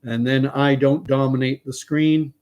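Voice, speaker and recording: A man's voice: mid-range voice, fairly even intonation, measured pace, clear, resonant tone, muffled recording. Chatty man hosting a live stream. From Canada. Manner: chatty, reads viewer comments aloud, thinks out loud. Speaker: livestream host. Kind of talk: casual live-stream commentary.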